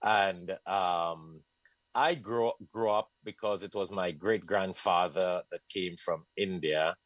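A man from Trinidad whose accent blends Trinidadian, British and American, telling his life story as a guest in an animated way, often laughing and repeating phrases. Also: low-pitched, slow pace, dry recording, rough recording. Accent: Trinidadian mixed with British and American. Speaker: guest, Muslim scholar. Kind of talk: conversational storytelling.

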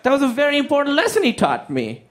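A man telling a stand-up comedy story, animated and profane, acting out the people in it with silly voices. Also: extremely high pitch, quick pace. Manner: animated, acts out quotes in silly voices, swears freely.

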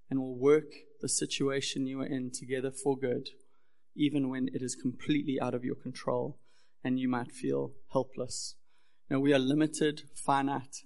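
A man's voice: medium pitch, creaky, darkish tone. A young man preaching a sermon as pastor, earnest and building in intensity.

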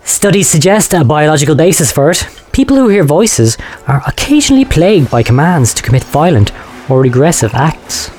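An actor playing a sinister, manipulative male doctor, smooth and insinuating, in a comic audio drama. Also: a little high, very animated, brisk, a little mellow.

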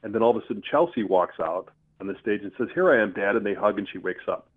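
A man telling a personal story in a casual, earthy, animated way, with mild swearing. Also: on the low side, fast, husky. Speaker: storyteller guest. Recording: tinny phone-line sound.

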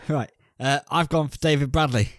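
A man's voice: fairly high pitch, a little slow, dry recording, studio quality. A man co-hosting a casual film review podcast, bantering crudely with rambling asides. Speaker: podcast co-host.

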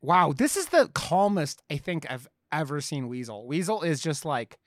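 A man co-hosting a podcast in casual chat, excitable, swearing and laughing as he talks. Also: a little high, moderate pace, no room sound, clean studio sound. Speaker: podcast co-host.

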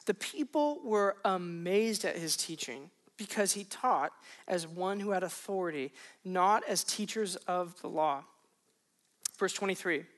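Animated male preacher. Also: high-pitched. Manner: animated, rises to emphatic punchlines; conversational, self-questioning asides. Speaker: pastor. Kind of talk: sermon.

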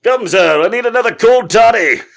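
A man putting on the voice of a drunk 1930s Southern scalawag who shouts old-fashioned taunts. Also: high-pitched, expressive, moderate pace, gravelly, pitched above the performer's own voice, exaggerated voice. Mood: rowdy.

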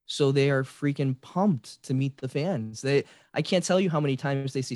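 A man's voice: medium pitch, normal speed, dry recording. Man, forties, eager storyteller, casual podcast, dry close sound. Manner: excited storyteller, many restarts. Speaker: podcast guest, fan site creator.

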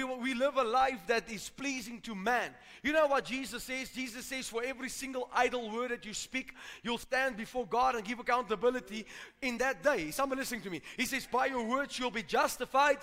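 In an echoing church hall, a man preaches with a very high, sharp voice. The pastor repeats himself emphatically and calls out to his congregation.

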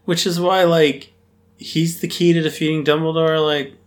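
Very low-voiced woman, wry comments. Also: level tone, normal speed. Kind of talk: casual chat.

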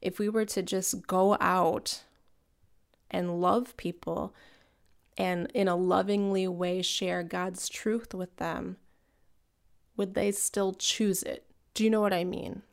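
A woman's voice: on the low side, steady tone, slow pace, gravelly. A woman co-hosting a faith-based conversation, talking in an earnest, reflective way.

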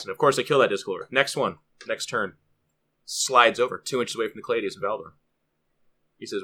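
A man co-hosting a podcast, telling a lively anecdote and acting out the people in it. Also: on the low side, quick pace. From California. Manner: lively storyteller, acts out quotes. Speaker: podcast co-host.

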